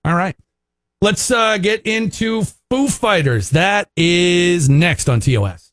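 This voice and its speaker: A man's voice: high-pitched, lively intonation, slow pace, heavy background noise. A man co-hosting a morning radio show, joking around in casual banter and stumbling over his words now and then.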